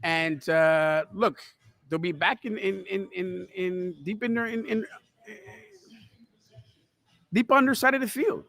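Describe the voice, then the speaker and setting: A man's voice: sits high, slow, vocal fry, long pauses, fairly bright tone. A man hosting a podcast, giving rambling, chatty live football commentary from a restaurant and calling his listeners kids. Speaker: podcast host.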